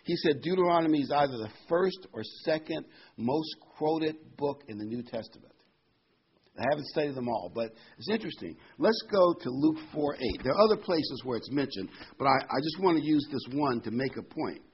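A man preaching a sermon, reading scripture slowly and telling folksy jokes. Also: a little high, animated, highs cut off, slight background noise. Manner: folksy, reads scripture slowly, laughs at his own jokes.

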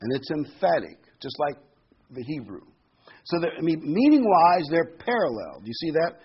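A man's voice: fairly high pitch, very animated, moderate pace, husky. A man in his sixties giving an informal Bible teaching in a conversational, folksy way, with frequent ums and asides. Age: 60s. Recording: dull lo-fi recording.

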